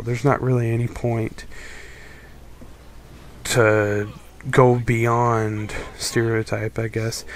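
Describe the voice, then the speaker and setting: Young male film reviewer, casual and critical, average pitch, restless and rambling. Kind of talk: casual opinion monologue.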